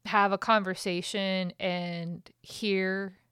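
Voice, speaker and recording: A woman's voice: mid-range voice, flat delivery, takes it slowly, a bit bright, clean tone, no echo, studio quality. A woman hosting a podcast, talking candidly and emotionally in a raw, venting monologue that swears freely. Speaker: podcast host.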